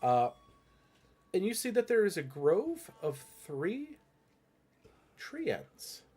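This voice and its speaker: A man's voice: high voice, huge pitch swings, takes it slowly, a little mellow, breathy edge. A man narrating a tabletop game as game master, rambling descriptions with frequent restarts. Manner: meandering, many fillers and restarts.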